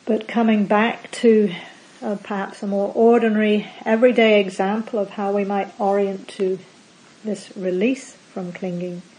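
Speaking calmly and deliberately to a group, a female meditation teacher delivers a dharma talk at medium pitch, naming words one at a time as her endings trail off. There's slight background noise, and the recording quality is poor.

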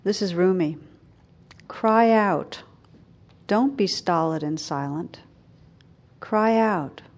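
A woman giving a dharma talk as a meditation teacher, speaking gently and reflectively with soft, slow pauses. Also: on the low side.

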